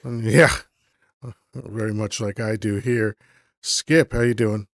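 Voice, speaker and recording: A man's voice: fairly low pitch, steady tone, slow pace, gravelly, no room sound. A man hosting a live call-in stream, chatting casually and rambling as he thinks aloud with lots of fillers. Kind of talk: casual chat.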